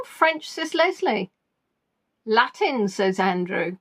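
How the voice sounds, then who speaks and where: A woman's voice: on the high side, animated, slow, a bit bright. A woman hosting a live online quiz, reading out players' answers and teasing them playfully. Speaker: quiz host.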